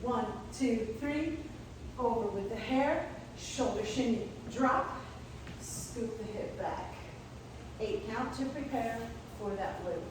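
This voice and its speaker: A woman's voice: a little high, slow, far from the mic, background noise. A woman dance instructor counting and cueing steps in rhythm as she leads a class. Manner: rhythmic, calling out steps in time. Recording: echoey room, mic from afar.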